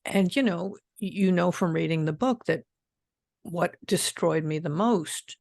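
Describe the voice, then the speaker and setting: A woman's voice: on the low side, unhurried, vocal fry, a little mellow, no echo, clean studio sound. An older woman speaking frankly as an interview guest, a former death investigator recalling her work. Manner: frank, plainspoken, swears freely. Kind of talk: casual interview talk.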